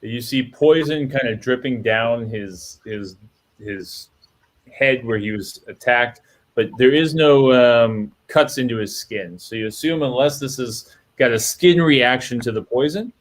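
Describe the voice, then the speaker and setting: A man narrating as game master in a tabletop game, relaxed and descriptive with some fillers. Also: medium pitch, measured pace, low-quality recording.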